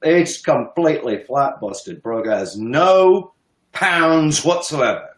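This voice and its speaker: A man's voice: on the high side, lively intonation, slow pace, a bit bright, reverberant, poor audio. A man in his fifties giving heated, emphatic political commentary, sometimes swearing and laughing scornfully. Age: 50s. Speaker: guest commentator.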